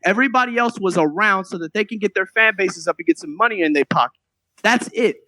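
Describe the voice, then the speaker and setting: A man's voice: high-pitched, fast, sharp tone, no room sound. A man arguing his side in a podcast debate, emphatic and profane, hammering his points. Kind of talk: heated podcast argument.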